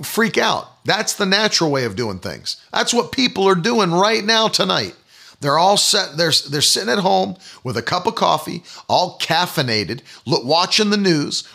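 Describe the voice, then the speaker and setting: Gravelly, bright-voiced fervent preacher man. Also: high voice, animated, moderate pace. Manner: fervent, repetitive declarations. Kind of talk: online sermon broadcast.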